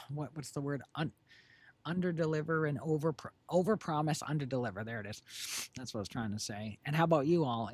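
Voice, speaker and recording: A husky, medium-pitched middle-aged man co-hosts and creates a livestream from a home streaming setup. Talking casually to viewers, he rambles, leans on fillers, and keeps correcting himself, recorded through a desk microphone with headphones on.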